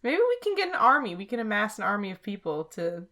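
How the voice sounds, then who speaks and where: A woman's voice: medium pitch, sing-song, quick pace, sharp tone. A woman co-hosting a podcast who teases her co-host and giggles in casual chat. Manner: giggly, teasing.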